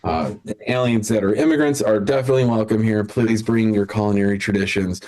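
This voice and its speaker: A man's voice: lowish voice, fairly quick, a little mellow. Man hosting a live online comedy show, loose and rambling, chuckles at his own bits. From Chicago area. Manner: rambling, self-interrupting, laughs at own jokes. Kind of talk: casual hosting banter on a video call.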